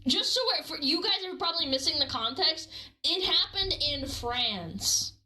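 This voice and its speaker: A woman streamer reacting to a video, talking casually with loud giggly exclamations and crude jokes. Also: high-pitched, expressive, normal speed, low-quality recording.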